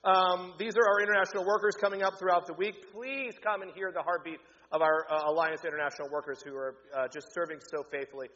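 A pastor giving church announcements, upbeat and joking with the congregation. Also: male voice, sits high, steady tone, quick pace, few pauses, pushed and bright. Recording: echoey hall, dull lo-fi sound.

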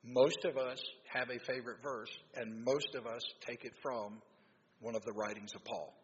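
A man's voice: medium pitch, fairly even intonation, moderate pace. Man preaching in an echoing hall. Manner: conversational, quizzes the audience, frequent restarts. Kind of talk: sermon to a live congregation. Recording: long hall reverb, dull lo-fi sound, faint noise.

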